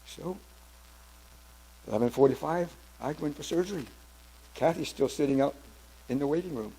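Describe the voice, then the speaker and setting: A man in his seventies telling his personal testimony at church, in a halting storytelling way with many restarts. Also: fairly high pitch, mellow, breathy edge, poor audio. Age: 70s. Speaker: church member giving testimony.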